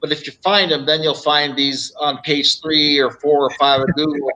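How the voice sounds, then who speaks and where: A man's voice: fairly high pitch, steady tone, normal speed, pushed and bright, muffled recording. A middle-aged man, a real estate coach, telling stories on a live show and acting out phone calls as he goes. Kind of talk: live show guest storytelling.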